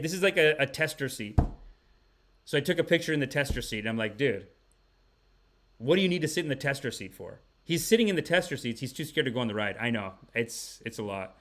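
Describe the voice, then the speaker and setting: Animated rambling male podcast host. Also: mid-range voice. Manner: rambling, animated, laughs often. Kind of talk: casual comic storytelling.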